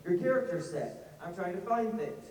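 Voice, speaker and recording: A man with a Southern accent and a fairly high voice rambles through funny stories at a fan convention panel. He is self-mocking and full of animated asides. He is heard from a distance in a vast, echoing hall. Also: moderate pace, slight background noise. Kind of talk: casual storytelling to an audience. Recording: echoey hall, heard from far off.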